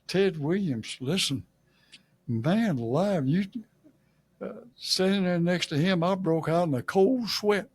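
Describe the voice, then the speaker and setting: A man's voice: sits high, a little slow, slightly rough. An older man from Louisiana with a Southern accent, telling folksy, humorous stories as a guest on an interview show. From Shreveport, Louisiana. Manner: folksy, humorous, chuckles at his own jokes. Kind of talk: storytelling.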